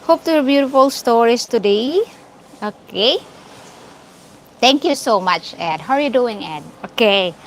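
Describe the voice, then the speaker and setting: A woman's voice: fairly high pitch, lively intonation, measured pace, long pauses, slight background noise, rough recording. A woman with a Filipino accent hosting a casual live stream, greeting viewers by name and laughing often. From Philippines.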